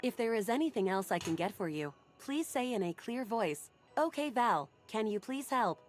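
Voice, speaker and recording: A woman voicing a polite female AI home assistant in a game, formal, measured and literal. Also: fairly high pitch, sing-song, faint music behind. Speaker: game character.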